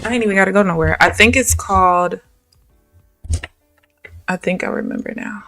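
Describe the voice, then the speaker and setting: A woman's voice: mid-range voice, moderate pace, fairly bright tone, distant mic, faint music behind. A young woman, chatting casually and venting while she streams live trading. She swears freely and sounds exasperated.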